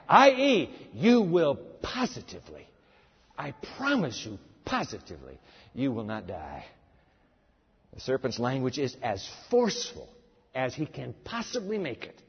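A man's voice: sits high, very animated, moderate pace, slightly rough. Dramatic male preacher in an echoing hall. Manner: dramatic, emphatic, with big swings in loudness. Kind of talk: sermon. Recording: echoey hall, dull lo-fi sound.

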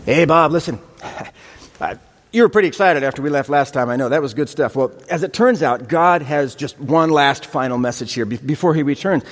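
A preacher playing a pushy, stammering neighbor. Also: male voice, fairly high pitch, brisk, close to an everyday voice. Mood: eager. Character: overeager male neighbor pleading at the door. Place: church sanctuary. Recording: reverberant hall.

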